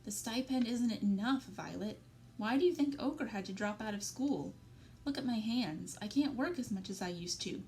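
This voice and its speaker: A woman reading aloud and voicing a worn, tender mother, speaking softly and gently with a pleading tone. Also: fairly high pitch, expressive, normal speed, a little hiss or hum. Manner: gentle, pleading, soft-spoken. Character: worn, tender working-class mother of a grown daughter. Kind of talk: read-aloud storybook dialogue.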